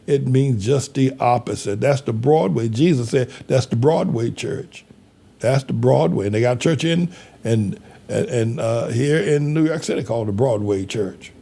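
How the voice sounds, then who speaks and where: An older man preaches with a gravelly, dark voice. He speaks with impassioned, repetitive urgency, pleading with his congregation to come alongside and help, and his voice sits mid-range in pitch. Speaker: pastor.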